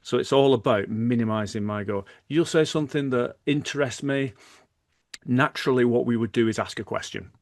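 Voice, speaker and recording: Man, middle-aged, gravelly, dry close sound, podcast guest explaining with examples. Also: mid-range voice, brisk, dry recording. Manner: explains by example, acts out dialogue. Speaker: guest, former hostage negotiator. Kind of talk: podcast interview.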